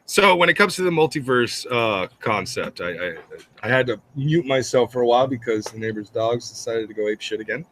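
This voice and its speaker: A man's voice: medium pitch, lively intonation, brisk, fairly bright tone. Man, mid voice, rambling, opinionated, hedging fillers, faint hiss, home mic on a call. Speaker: podcast co-host. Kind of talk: casual opinionated chat.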